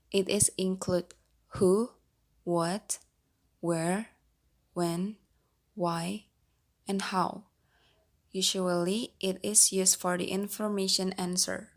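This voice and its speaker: Young woman, Indonesian accent, student presenter; slow, deliberate, repeats every example. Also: mid-range voice. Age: young adult. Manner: careful, repeats each example twice. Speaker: student presenting a pronunciation test. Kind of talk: slow recited class presentation.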